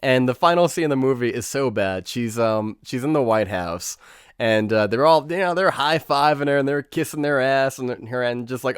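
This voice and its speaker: A man's voice: medium pitch, moderate pace, clean tone, no echo, studio quality. Profane, sarcastic male movie reviewer. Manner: animated, sarcastic, swears freely, mocks scenes in put-on quotes.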